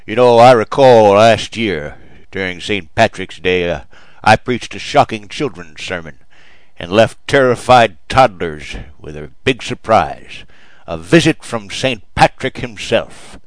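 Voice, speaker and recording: A man's voice: fairly low pitch, expressive, measured pace, dry recording, rough recording. A man preaching a mock sermon in a storytelling manner.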